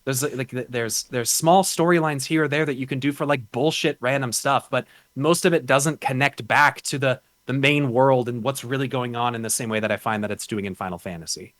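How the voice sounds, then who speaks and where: A man's voice: medium pitch, a little fast, few pauses, a bit bright, dry recording. Man, podcast guest, loose profane chatter, lots of restarts, dry close sound. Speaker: podcast guest, game streamer. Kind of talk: casual podcast chat.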